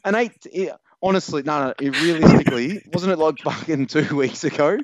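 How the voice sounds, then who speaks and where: A man's voice: a little high, fairly quick, dry recording. An Australian man co-hosting a podcast, ranting profanely and mocking a listener in crude sports banter. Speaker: podcast co-host. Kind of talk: crude fantasy football banter.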